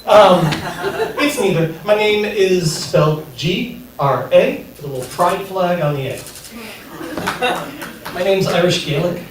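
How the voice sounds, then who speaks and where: A man's voice: high-pitched, a little hiss or hum. A man in his fifties doing a stand-up set, nervous and self-deprecating. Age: 50s. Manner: slow, self-deprecating delivery. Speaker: stand-up comic. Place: comedy theater stage. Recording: echoey theater, mic at distance.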